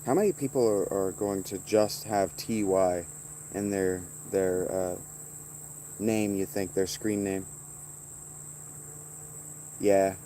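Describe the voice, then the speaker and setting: A man's voice: sits low, fairly even intonation, slow, pauses often, warm tone, a little hiss or hum. A man streaming casually outdoors, rambling and swearing as he teases viewers by name. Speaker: streamer reading chat. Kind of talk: casual livestream chat.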